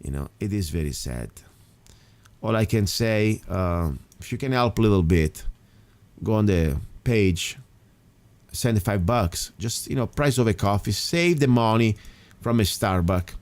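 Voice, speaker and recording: Emphatic talk radio host, lowish voice. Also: male voice, expressive, measured pace, a little mellow. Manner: emphatic, rambling with restarts. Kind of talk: casual talk radio monologue.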